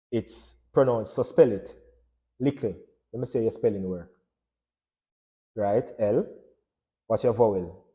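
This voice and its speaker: A man's voice: medium pitch, mellow. A man giving a casual lesson on phonology, asking his listeners questions and answering them himself. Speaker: language teacher.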